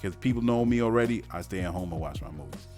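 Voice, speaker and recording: A man's voice: sits low, fast talker, darkish tone, faint music behind. A man hosting a casual radio show, rambling and joking with plenty of fillers and restarts. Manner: breaks into silly mock-French voices. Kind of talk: casual podcast monologue.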